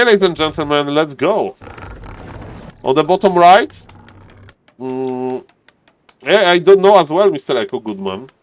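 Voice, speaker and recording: A man's voice: mid-range voice, clear, resonant tone. A man casually commentating a live strategy game, chatting to viewers and players as he goes. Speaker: esports caster.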